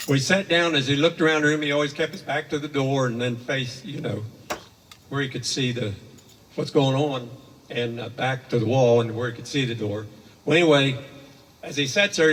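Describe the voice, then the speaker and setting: A man's voice: medium pitch, fairly bright tone, slight background noise. Older man telling folksy tales in a hall. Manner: rambling, homespun, with many fillers. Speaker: storyteller. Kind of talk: folksy spoken storytelling. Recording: echoey hall from far off.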